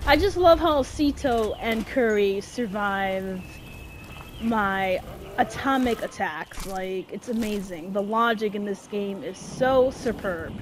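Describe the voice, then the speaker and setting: A woman's voice: medium pitch, takes it slowly, background noise. A woman giving casual gameplay commentary, swearing and shrieking in panic as things go wrong. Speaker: gameplay streamer.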